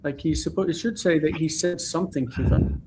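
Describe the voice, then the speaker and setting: A man's voice: fairly high pitch, fairly quick, noisy background. A man teaching a Hebrew Bible class on a video call, explaining patiently and often checking that his students follow.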